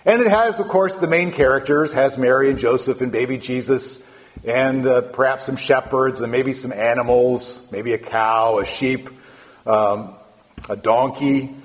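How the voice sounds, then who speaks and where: Pastor preaching in a reverberant church. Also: male voice, mid-range voice, unhurried. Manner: conversational, with frequent restarts and rising emphasis. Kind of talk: sermon. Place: church sanctuary.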